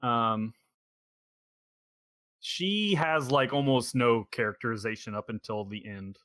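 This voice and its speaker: A man's voice: medium pitch, measured pace, a bit bright, no echo. Rambling man hosting a podcast, dry sound. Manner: rambling, thinking aloud. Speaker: podcast host. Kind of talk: casual podcast chat.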